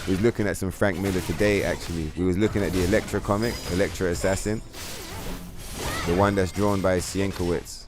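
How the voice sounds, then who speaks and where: Male streamer host, very deep voice, rambling, profane chat. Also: fairly quick, over music. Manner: profane, rambling, animated storytelling. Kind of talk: casual livestream chat.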